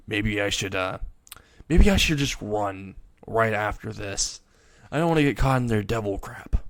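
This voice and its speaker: A man's voice: on the low side, lively intonation, a little slow, long pauses, no echo. A man voicing a cocky, crude teenage boy in a casually told fan story, with mocking jokes. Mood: smug.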